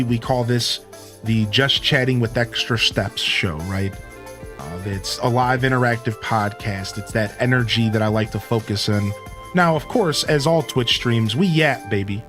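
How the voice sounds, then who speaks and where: A man hosting a live stream, giving an earnest, preachy rant to his viewers with casual slang. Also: mid-range voice. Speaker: Twitch streamer and host.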